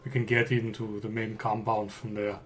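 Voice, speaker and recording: A man playing a tabletop game, casually joking and planning his character's moves out loud. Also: lowish voice, flat delivery, moderate pace, soft background music. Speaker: player.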